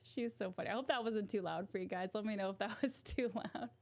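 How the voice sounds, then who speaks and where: A woman's voice: mid-range voice, fast. A young woman streaming, chatting casually to viewers, giggly and self-amused. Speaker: voice-acting streamer.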